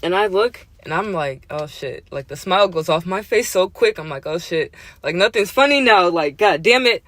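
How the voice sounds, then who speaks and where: Animated slangy man telling a story. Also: high-pitched, a little fast, no room sound. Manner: animated, profane and laughing, slangy. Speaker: host. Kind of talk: casual storytelling.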